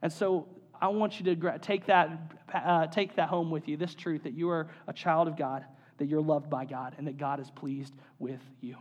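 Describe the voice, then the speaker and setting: Earnest pastor with a high voice, echoing hall. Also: male voice, steady tone, moderate pace, highs cut off. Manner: earnest, repeats key phrases for emphasis. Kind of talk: sermon.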